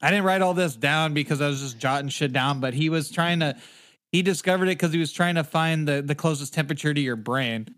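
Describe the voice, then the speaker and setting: A man's voice: a little high, a little fast, fairly bright tone. A man hosting a casual podcast, rambling and swearing a lot as he tells a story. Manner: profane, rambling, laughs often. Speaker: podcast host.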